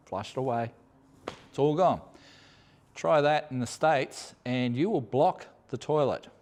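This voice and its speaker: A rambling Australian man who talks casually about his trips abroad. His voice sits at a middling pitch, and his delivery is loose and conversational, with the odd laugh at his own stories. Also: darkish tone. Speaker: host. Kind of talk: casual chat.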